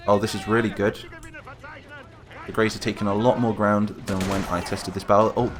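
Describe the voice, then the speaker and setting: A man hosting casual, chatty game commentary, getting excited and calling out to the troops as he plays. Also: fairly low pitch, moderate pace, noisy background. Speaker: gaming channel host. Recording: game gunfire and explosions behind voice.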